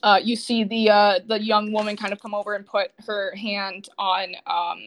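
A woman's voice: mid-range voice, little pitch movement, moderate pace. A woman narrating as game master of a tabletop game, loose and jokey, often laughing.

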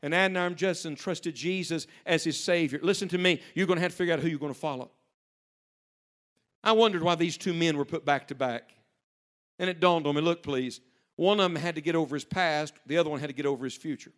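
Here a fast-talking male pastor with a voice on the high side delivers a sermon to young people. He leans on storytelling, alternating quiet, hushed stretches with loud bursts of urgency.

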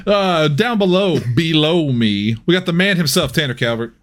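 A man hosting a comedy podcast, rambling through introductions and cracking himself up as he goes. His voice sits a bit higher than most men's. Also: moderate pace. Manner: rambling, self-interrupting, laughs at own jokes. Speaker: podcast host.

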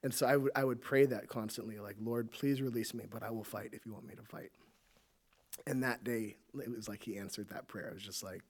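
A man with a low, husky voice shares his testimony softly and reflectively. His speech is casual and unhurried. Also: steady tone. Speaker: guest sharing testimony. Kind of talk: casual personal storytelling.

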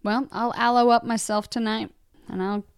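A woman's voice: on the high side, fairly even intonation, moderate pace, clear, resonant tone, dry recording, clean studio sound. A woman chatting as a podcast guest in a casual, playful way, giggling and breaking into little sing-song bits. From United States. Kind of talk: casual chat. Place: recording studio.

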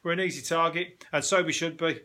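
A British man hosting a casual news podcast, ranting and joking in an animated, sweary way with laughing asides. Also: on the high side, fairly quick. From Britain. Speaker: podcast host.

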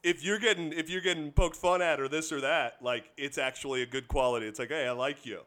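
A man from the Midwest hosting a casual podcast chat, playful and quick to laugh. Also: fairly high pitch. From American Midwest. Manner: animated, playful, laughs often. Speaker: podcast host.

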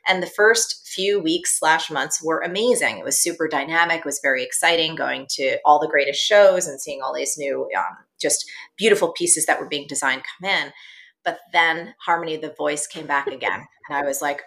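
A woman guest on an interview show, telling her story in a lively, animated way. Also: sits low, brisk. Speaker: guest, entrepreneur and business coach.

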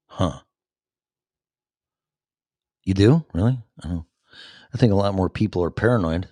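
A man's voice: low-pitched, takes it slowly, pauses often, darkish tone, no echo, studio quality. A man in his fifties hosting his own podcast, chatting casually and rambling as he reads and answers live chat comments, with many fillers and restarts. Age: 50s. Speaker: podcast host.

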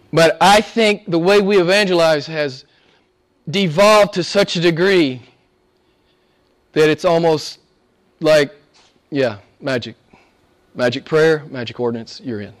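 Emphatic high-voiced male pastor preaching. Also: takes it slowly, long pauses. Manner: emphatic, swings between loud exclamations and hushed asides. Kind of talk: sermon.

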